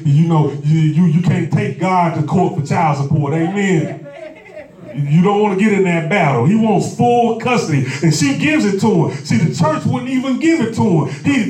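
Man, sermon, high voice, folksy and repetitive, swells into shouts, echoey church, mic set far off. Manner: folksy, repetitive preaching that builds to shouted exhortation. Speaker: preacher. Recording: echoey room picked up from a distance.

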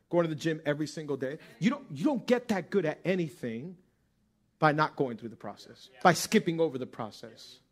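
High-voiced animated male preacher. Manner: animated preaching, swings from soft murmurs to loud near-shouted pleas; acts out scripture in first person. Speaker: pastor. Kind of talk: sermon.

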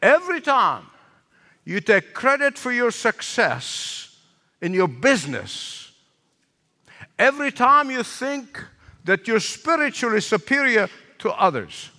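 Lively, bright-voiced older male preacher. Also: very high-pitched, takes it slowly, long reverb tail. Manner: animated preaching, repeats phrases for emphasis, asks the congregation questions. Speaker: pastor. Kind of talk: sermon.

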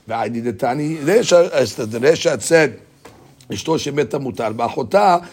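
Male Talmud teacher, husky voice, methodical and repetitive in his explanations, mid-range pitch. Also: expressive, moderate pace, darkish tone. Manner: explains step by step, repeats key phrases, answers students' questions. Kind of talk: Talmud study class explanation.

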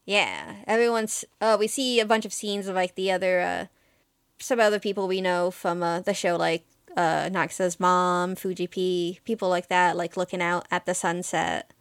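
A woman's voice: fairly low pitch, flat delivery, moderate pace, clear, resonant tone, no room sound. A woman co-hosting a casual podcast, recapping an anime episode in a chatty, emotional way with lots of fillers. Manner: chatty and emotional, with many fillers and quoted lines. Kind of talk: casual chat.

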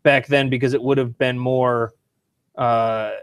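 A man's voice: mid-range voice, level tone, a little slow, clear, resonant tone, no echo. Knowledgeable man, dry close sound. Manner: knowledgeable, talks in loose restarts. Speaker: podcast co-host. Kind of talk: casual chat.

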